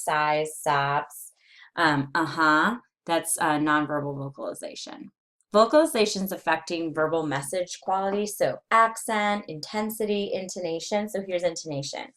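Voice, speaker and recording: A woman lecturing nursing students, reading through slide points with frequent fillers and pauses. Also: fairly low pitch, fairly bright tone. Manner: reads slide points aloud with many fillers. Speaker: nursing instructor. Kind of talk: recorded lecture.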